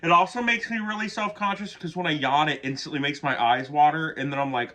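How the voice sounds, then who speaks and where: A man's voice: on the high side, animated, fairly quick, few pauses, fairly bright tone. A man giving casual reaction commentary on an album, gushing and chatty, who swears casually and keeps yawning. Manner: yawns often. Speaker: music reaction youtuber.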